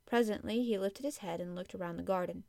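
A woman narrating a classic story in a steady, measured audiobook reading. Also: mid-range voice, no room sound, clean studio sound. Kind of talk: scripted narration.

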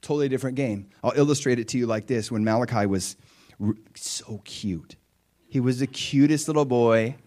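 Addressing his congregation head-on, a middle-aged man preaches as pastor with lots of energy and frequent laughter. His voice sits in the mid-range.

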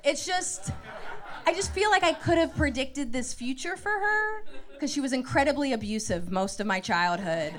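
A woman, performing a lively stand-up comedy set on a club stage with a handheld mic. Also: on the high side. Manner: animated, jumps into quoted voices, quick asides.

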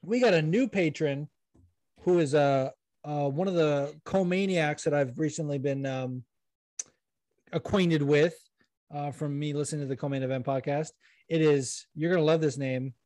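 A man's voice: a little high, moderate pace, darkish tone, no room sound. A young man hosting a podcast in casual chat, rambling and self-deprecating, swearing now and then. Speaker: podcast host.

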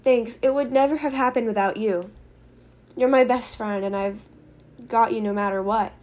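A woman's voice: fairly high pitch, moderate pace, a little mellow, natural voice. A woman voicing a loyal, protective teenage boy who has just gained his hearing. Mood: earnest.

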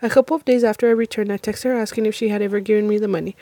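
A woman's voice: mid-range voice, fairly even intonation, rapid-fire, mellow, no room sound. A young woman from Texas hosting a casual podcast with a friend, laughing a lot, swearing casually and reading listener stories aloud. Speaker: podcast host.

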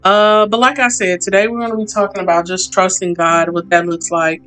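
A woman hosting a casual devotional podcast, praying and reading aloud in a heartfelt, expressive way and talking straight to her listeners. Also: medium pitch, a little fast. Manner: heartfelt, expressive, prone to tearing up; folksy, talks straight to listeners. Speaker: podcast host.

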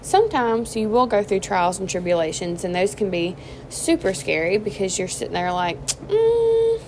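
Young mom vlogger, folksy and chatty, faith talk, noisy background. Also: female voice, medium pitch, moderate pace. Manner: chatty, folksy, addresses listeners as y'all. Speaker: Christian vlogger and mother. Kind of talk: casual faith-based encouragement and storytelling. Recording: steady background noise.

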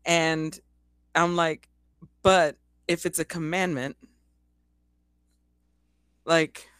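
A woman's voice: low voice, level tone, very slow, a bit bright, clear, resonant tone, no room sound. A woman co-hosting a casual faith podcast, talking earnestly and telling stories with many restarts. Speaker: podcast co-host.

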